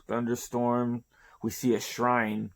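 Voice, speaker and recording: A man's voice: mid-range voice, completely flat delivery, slow pace, noisy background. A man hosting a casual comic chapter review, rambling through the panels with profanity and loose play-by-play. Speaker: host of a manga review show.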